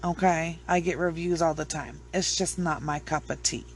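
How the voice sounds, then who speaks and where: A woman's voice: sits low, moderate pace, slight background noise. A woman with children chatting casually to her viewers, rambling, blunt and swearing freely. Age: adult with children. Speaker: true crime vlogger. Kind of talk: casual chat to camera.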